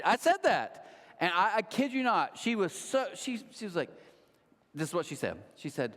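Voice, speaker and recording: A man in his thirties preaching a sermon, telling stories with lively acted-out quotes. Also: high-pitched, moderate pace. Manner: animated storytelling with acted-out quotes. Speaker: pastor. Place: large church hall. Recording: long hall reverb.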